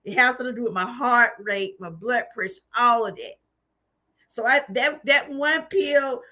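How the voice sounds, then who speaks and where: Woman, high voice, bright tone, emphatic preacherly testimony. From Georgia, US. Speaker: channel host. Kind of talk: livestream testimony.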